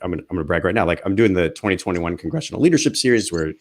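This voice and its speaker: A man talking as a guest in an interview, animated, rambling and full of restarts as he tells stories. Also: low voice. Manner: animated storyteller, acts out his own past remarks; fast, rambling, with many restarts. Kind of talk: conversational interview.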